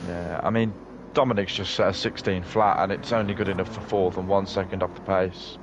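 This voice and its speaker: Low-voiced joking British co-commentator. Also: male voice, steady tone, brisk, dull audio, noisy background. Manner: joking, teasing banter. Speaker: race co-commentator. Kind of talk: sim racing commentary.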